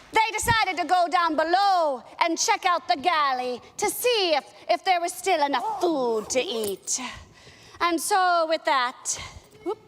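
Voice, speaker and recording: A woman's voice: high voice, a bit bright, in a large hall. A woman at a library telling children a pirate story, with playful pirate talk. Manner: playful pirate talk, with an occasional "arr" and "me ship".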